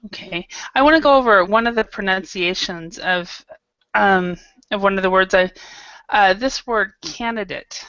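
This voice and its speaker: Bright-voiced woman teaching online. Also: mid-range voice, no room sound. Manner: patient, models pronunciation slowly. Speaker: English teacher. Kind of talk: online English class. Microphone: video call. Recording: dull lo-fi video call audio.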